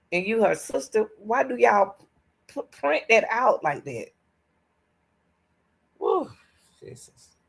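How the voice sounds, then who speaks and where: A woman hosting a reaction commentary vlog who talks straight to her viewers, repeats herself when worked up and drops from emphatic bursts to low muttering. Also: gravelly, rough recording. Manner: animated and exasperated, addresses viewers as y'all, restarts and repeats herself. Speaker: reaction channel host.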